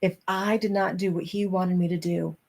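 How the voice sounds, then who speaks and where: A woman's voice: lowish voice, flat delivery, normal speed, vocal fry, a little mellow. A middle-aged woman hosting a casual talk, reading from a self-help book and chatting candidly with her viewers.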